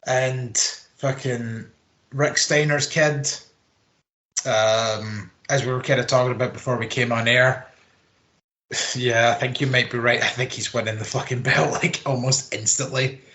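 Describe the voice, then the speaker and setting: A man's voice: mid-range voice, steady tone, a little slow, pushed and bright. A man co-hosting a casual podcast chat, ranting with plenty of swearing and mocking put-on quotes. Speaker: podcast co-host. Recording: roomy echo.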